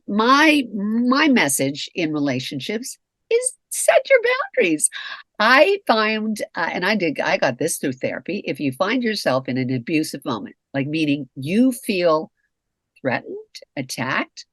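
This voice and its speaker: A woman's voice: medium pitch, big pitch swings, unhurried, a bit bright, no room sound. A middle-aged woman co-hosting a candid conversation, frank, emphatic and freely profane. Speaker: co-host.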